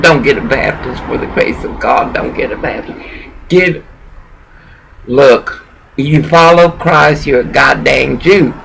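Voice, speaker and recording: A man's voice: mid-range voice, slow, gravelly, pauses often, a bit bright, slight background noise, low-quality recording. A man who is a pastor, giving a rambling, profane preaching rant as he lectures someone directly.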